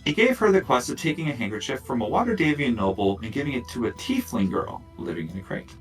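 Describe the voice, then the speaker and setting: A man narrating as dungeon master of a tabletop game, casual and relaxed, with lots of fillers and asides. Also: mid-range voice, quick pace, recorded from a distance, faint music behind, rough recording.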